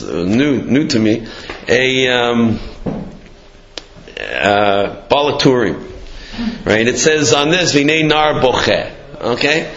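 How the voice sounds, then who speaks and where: A man's voice: medium pitch, a bit bright. A man giving a casual, storytelling Torah talk, sprinkling in Hebrew and Yiddish terms with many fillers. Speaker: Torah teacher. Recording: echoey dull lo-fi room.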